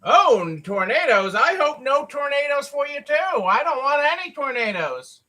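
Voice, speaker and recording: A man's voice: very high-pitched, big pitch swings, moderate pace, pushed and bright, poor audio. A tired man hosting a live stream for his store, chatting casually and repetitively, greeting viewers by name.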